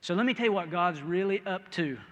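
A man from the American Midwest preaching a sermon in a folksy, storytelling way, going from quiet to loud. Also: high voice, fairly quick, big-room sound, muffled recording.

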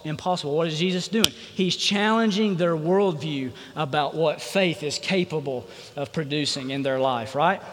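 Male pastor, high-pitched, preaching with call-and-response, reverberant church hall. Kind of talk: sermon.

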